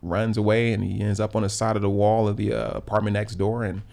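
A man in his thirties from South Los Angeles, speaking low with a gravelly, creaky texture. He tells stories in relaxed conversation, reflective and unhurried, often restarting his sentences and leaning on fillers. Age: 30s. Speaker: podcast guest. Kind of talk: casual conversational storytelling.

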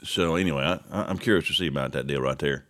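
A man's voice: rumbling low, fast, a bit bright. A man hosting a casual morning talk show, reading news items aloud and rambling through his own asides with the odd chuckle.

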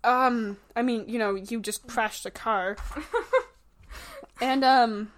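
Young woman game master, kinda high voice, lots of ums and restarts. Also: fairly even intonation, a little hiss or hum. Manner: halting, filler-heavy. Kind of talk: narrating a tabletop game.

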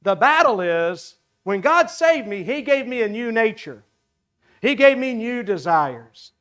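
A man's voice: sits high, very animated, a little slow, a bit bright. A male pastor with a Southern American accent preaching a sermon, emphatic and repetitive, with folksy asides to his congregation.

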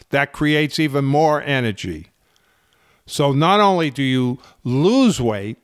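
A man who runs a fitness channel, explaining health topics in slow, deliberate, emphatic phrasing. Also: a little high, no echo, clean studio sound. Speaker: fitness instructor. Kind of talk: slow explanatory talk to camera.

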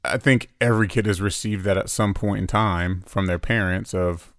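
Male co-host in his thirties, earnest and reflective, lower voice, dry close mic. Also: fairly quick, fairly bright tone, dry recording. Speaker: podcast co-host. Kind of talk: casual podcast chat.

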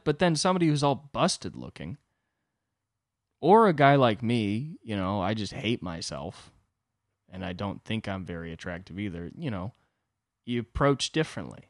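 A man's voice: lowish voice, brisk, no echo, clean studio sound. A young man hosting a solo podcast, rambling through a self-deprecating comedic monologue and acting out the voices of the people in his stories. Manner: self-deprecating, animated, acts out quoted voices. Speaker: podcast host.

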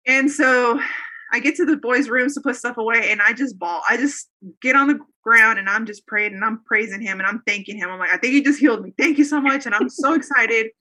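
A woman's voice: a little high, brisk, pushed and bright. A woman in her thirties or forties, a guest telling a personal faith story in an earnest, rambling way with many fillers and restarts. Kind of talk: casual conversational storytelling.

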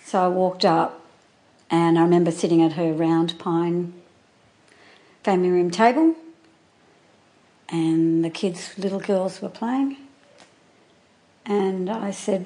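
A woman being interviewed, recalling events from years ago in halting, earnest speech that often restarts mid-sentence. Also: fairly low pitch, a little mellow. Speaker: interviewee, former neighbour and friend. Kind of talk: recounting memories in an interview.

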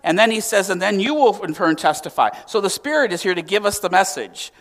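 A man preaching a sermon as pastor, swinging from emphatic, raised exclamations to quiet, hushed lines. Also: sits high, a little fast. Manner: animated preaching with emphatic rises and hushed drops.

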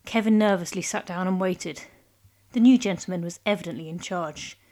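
A woman narrating a comic story in a measured, lightly humorous way. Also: fairly low pitch, mellow. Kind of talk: scripted narration.

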